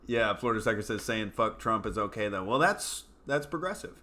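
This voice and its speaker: A man's voice: on the low side, animated, fairly quick, sharp tone. A male comedian hosting his own show, delivering a profane, scornful rant full of fillers and asides. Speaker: comedian host. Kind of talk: ranting comedy commentary.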